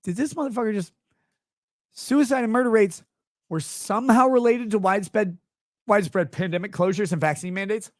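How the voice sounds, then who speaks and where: A man's voice: high-pitched, fairly quick, no room sound, clean studio sound. A man hosting a livestream, ranting about everyday gripes with profanity and sarcasm, and reading chat messages aloud. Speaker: livestream host.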